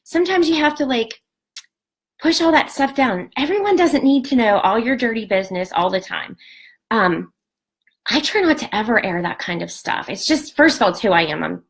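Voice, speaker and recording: A woman in her forties gives a casual pep talk to fellow beauty distributors. Her voice sits a little on the high side, and she speaks bluntly and candidly, cursing freely as she urges them to stay positive. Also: lively intonation, normal speed. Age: 40s. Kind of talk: casual motivational talk to a sales team.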